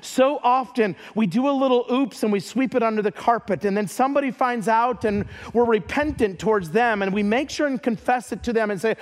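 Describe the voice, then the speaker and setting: A man's voice: extremely high pitch, fairly quick, few pauses. A man preaching a sermon as a pastor, earnest, often repeating words as he starts a phrase.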